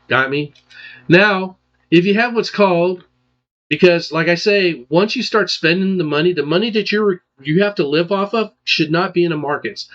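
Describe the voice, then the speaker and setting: A man with a slightly high voice walks through retirement figures as a financial advisor. He talks emphatically and keeps checking in with "okay?" and "all right?". The recording sounds muffled and lo-fi. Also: fairly bright tone. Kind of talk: explaining retirement charts. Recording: dull lo-fi sound.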